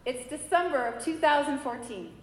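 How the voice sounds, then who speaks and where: A woman from New York giving a personal faith testimony, telling her story in a lively way and acting out the dialogue. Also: high voice, normal speed. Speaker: church member giving testimony. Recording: echoey hall with faint noise.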